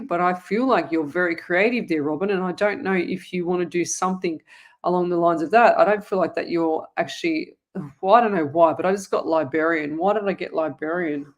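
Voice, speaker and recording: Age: adult. Sex: woman. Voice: lowish pitch. Delivery: chatty and rambling. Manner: chatty and rambling, with frequent restarts and asides. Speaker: psychic medium host answering viewer questions. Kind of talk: casual live-stream chat.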